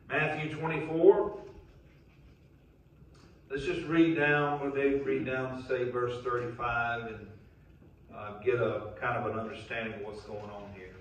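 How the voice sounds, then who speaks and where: Emphatic preacher in an echoey church. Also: male voice, medium pitch, distant mic. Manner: emphatic preaching, rising to loud calls. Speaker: pastor. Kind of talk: sermon. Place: church sanctuary.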